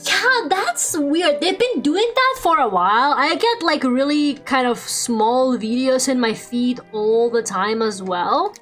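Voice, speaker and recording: Young woman streamer, higher voice, rambly and sweary chat, faint music behind. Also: animated, slow pace, hardly any pauses, fairly bright tone. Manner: rambling, swears a lot, laughs often. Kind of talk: casual chat while drawing on stream.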